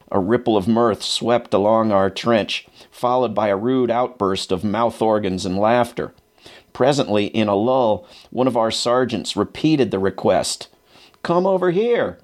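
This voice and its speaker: A man reading a first-person wartime memoir aloud in a measured, unhurried way. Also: on the low side. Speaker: narrator.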